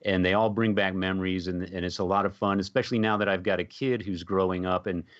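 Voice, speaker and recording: Middle-aged male podcast co-host, low voice, relaxed storyteller, on dull, dry lo-fi audio. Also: fast, no room sound. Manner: relaxed storyteller who laughs often. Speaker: podcast co-host and music interviewer. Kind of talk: casual chat.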